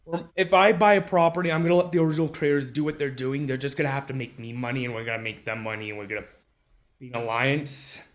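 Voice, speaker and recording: A man's voice: medium pitch, quick pace. A man ranting in an angry, profane, mocking commentary, talking into a phone.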